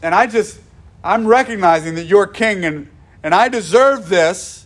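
A man voicing a repentant dying thief, pleading in halting, stammering bursts as he acts the scene out within a sermon. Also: sits high.

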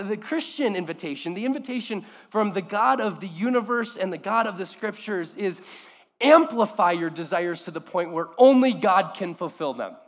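A man preaching a sermon as pastor, impassioned, swinging between loud emphasis and quiet, hushed lines. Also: sits high, big-room sound.

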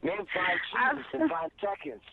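Gravelly guy prank calling in, lively swooping pitch, dull muffled phone sound. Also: measured pace. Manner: rambling, crude, erratic. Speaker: prank caller.

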